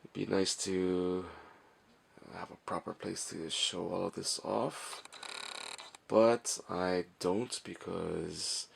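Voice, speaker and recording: A young man speaking quietly and in a monotone, with many fillers, as he shows his toy collection in a messy room late at night. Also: low-pitched, creaky, slight background noise. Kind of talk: casual walkthrough vlog.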